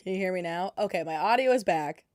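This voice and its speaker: A woman's voice: fairly low pitch, animated, fast, a little mellow, dry recording, clean studio sound. A woman livestreaming her game development, chatting casually into a headset and talking to herself in a flustered, self-deprecating way. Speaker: game dev streamer.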